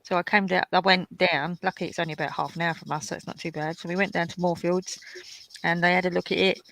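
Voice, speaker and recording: A woman's voice: fairly low pitch, steady tone, quick pace, gravelly, fairly bright tone, no room sound, rough recording. A woman hosting a live colouring stream, telling chatty anecdotes in casual talk. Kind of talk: casual chat.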